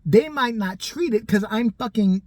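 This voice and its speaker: A vlogger telling a personal story casually, animated, profane and sarcastic, acting out the people in it. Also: mid-range voice, moderate pace, no echo.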